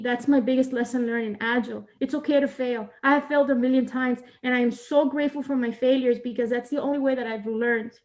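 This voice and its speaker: A woman's voice: high-pitched, highs cut off. A woman agile coach telling a heartfelt personal story, earnest and emotional, repeating phrases for emphasis, on a video call.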